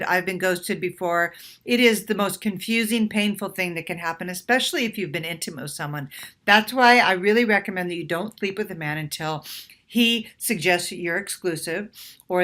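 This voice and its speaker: Bright-voiced woman dating coach. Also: mid-range voice. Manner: warm advice-giving, acts out playful sample lines. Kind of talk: direct-to-camera coaching talk.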